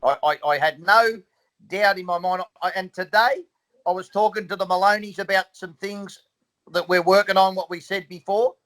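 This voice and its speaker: A trainer with a high voice speaks earnestly. He presses his point again and again, emphatic and sincere. He is part of a casual conversation among friends. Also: fairly even intonation, moderate pace, fairly bright tone, poor audio. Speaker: boxing trainer. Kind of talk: casual chat.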